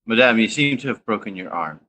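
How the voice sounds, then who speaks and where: A man's voice: lowish voice, lively intonation, a little fast, sharp tone. A man playing a tabletop game, asking questions and speaking his character's lines in a slightly formal way. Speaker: player. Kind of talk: casual play at the table.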